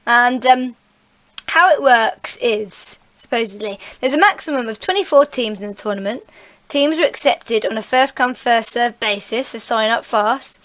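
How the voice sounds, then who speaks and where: A woman's voice: fairly high pitch, moderate pace, a bit bright. Giggly woman hosting a podcast. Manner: giggly, chatty, reads out details. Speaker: podcast host. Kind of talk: casual podcast chat.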